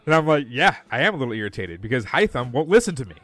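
A man's voice: medium pitch, rapid-fire, dry recording. A man co-hosting a podcast, telling a story in a casual chat and acting out the quoted lines. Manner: animated storytelling, acts out quoted dialogue. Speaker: podcast co-host.

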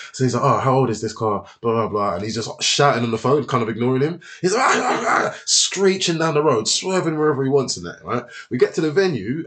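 A man telling fight stories in a casual chat, swearing freely and acting out the voices of the people in them. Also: medium pitch. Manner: animated, swears a lot, acts out voices.

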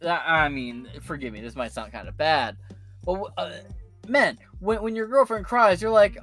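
A man hosting a casual political commentary show, ranting in a profane, animated way with many restarts. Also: high voice, moderate pace, faint music behind.

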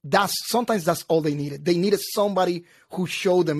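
A man's voice: high-pitched, fairly quick, hardly any pauses, a little mellow, husky, dry recording, studio quality. A man hosting a casual conversation, earnest and repeating himself for emphasis.

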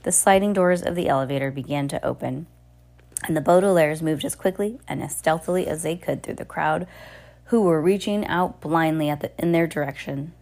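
A woman's voice: fairly quick, a little mellow. A woman casually reading a novel aloud, stumbling and restarting often, with little spoken asides, and lifting her voice for the characters' lines. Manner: raises pitch for characters' lines. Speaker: amateur audiobook reader.

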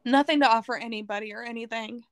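A woman's voice: fairly high pitch, steady tone, quick pace, no echo. A woman from Arizona, a podcast guest, telling her personal testimony in an earnest, emotional way.

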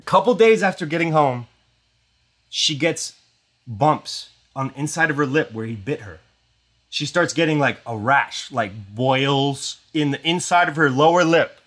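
A young man tells a story on his podcast in a loose, rambling way, leaning on "like" at every turn. He slips into quick quoted voices as he goes, keeping the telling animated. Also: fairly high pitch. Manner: rambling, filler-heavy with constant "like". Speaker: podcast host. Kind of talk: casual storytelling.

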